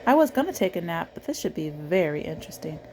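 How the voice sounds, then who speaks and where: A woman's voice: on the low side, very animated, quick pace, darkish tone, a little hiss or hum. A woman doing a drowsy, curious storybook cat. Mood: musing. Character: sleepy, curious female cat. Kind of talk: storybook read-aloud.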